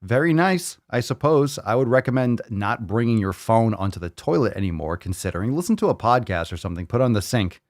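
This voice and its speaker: A man hosting a fitness podcast in casual chat, joking and animated, swearing freely. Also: mid-range voice, fairly quick, hardly any pauses, no room sound, studio quality. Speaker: podcast host.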